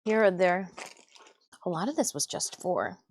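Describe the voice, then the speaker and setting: A woman's voice: fairly low pitch, sing-song, measured pace, slight background noise. A woman hosting a casual live stream, rambling and chatty as she sorts craft supplies, with self-mocking asides. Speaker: livestream host.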